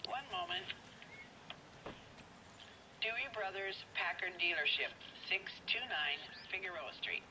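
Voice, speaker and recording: An actress voicing a brisk, polite female police telephone operator in a video game, heard over a telephone line. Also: mid-range voice, very animated, creaky, noisy background.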